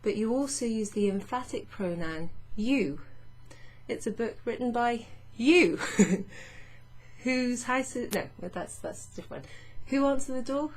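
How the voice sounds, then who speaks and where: A woman teaching French grammar in a patient, chatty way, reading French phrases slowly and explaining them. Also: on the high side, lively intonation. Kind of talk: casual explanatory lesson.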